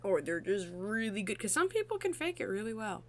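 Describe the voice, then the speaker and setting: A woman's voice: mid-range voice, very animated, brisk. A young woman co-hosting a podcast in casual chat, chatty and laughing often, with lots of fillers. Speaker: podcast co-host.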